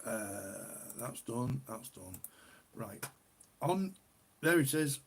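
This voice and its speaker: A man's voice: medium pitch, lively intonation, very slow, vocal fry, slight background noise. A middle-aged man from the UK hosting a casual beer live stream, chatty and rambling, often repeating himself. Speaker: beer livestream host.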